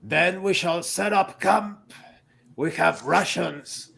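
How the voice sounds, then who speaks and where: A man voicing a proud, blunt male orc chieftain who talks in slow, halting speech. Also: high voice, vocal fry, sharp tone, husky, full character voice.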